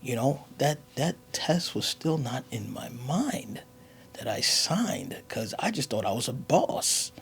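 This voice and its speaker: A comedian telling a story in an animated, slangy way, sometimes dropping to a whisper. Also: male voice, mid-range voice, slow pace, gravelly, a little hiss or hum. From United States. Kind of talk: comic storytelling monologue.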